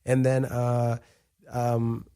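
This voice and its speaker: Sex: man. Role: podcast guest, former boxer. Pitch: middle of the range. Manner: loose, profane, animated storytelling. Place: studio. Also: very slow, clear, resonant tone. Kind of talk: casual interview storytelling.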